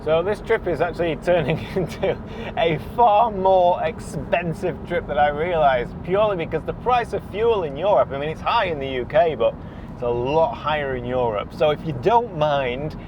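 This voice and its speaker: A man's voice: on the high side, measured pace, muffled recording, background noise. Chatty man vlogging on the road. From England. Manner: chatty, laughs often, drops to a hushed voice indoors. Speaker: photography vlogger. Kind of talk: casual vlog to camera. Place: camper van and city streets.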